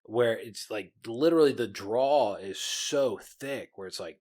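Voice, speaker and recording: A man's voice: medium pitch, measured pace, few pauses, darkish tone. A man from the US co-hosting a podcast, teasing his friend and laughing, with frequent swearing. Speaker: podcast co-host. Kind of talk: casual chat.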